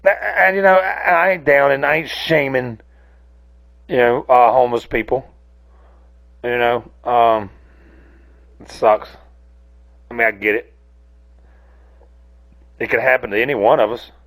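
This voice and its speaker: A man with a drawl rants casually as a podcast host, swearing freely and wandering between thoughts. His mid-pitched voice has a gravelly, creaky edge. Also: steady tone, unhurried, pauses often, fairly bright tone. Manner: rambling, profane, self-interrupting. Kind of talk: casual solo rant.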